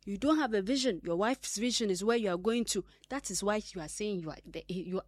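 A woman's voice: a little high, animated, a little fast, darkish tone, no room sound. A woman hosting a radio talk segment, delivering an earnest, emphatic monologue full of fillers and restarts. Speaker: radio host.

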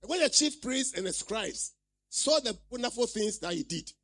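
A man's voice: high voice, sing-song, moderate pace, a bit bright. A man preaching a sermon, reading scripture aloud and repeatedly asking the congregation questions. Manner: reads scripture aloud and explains it.

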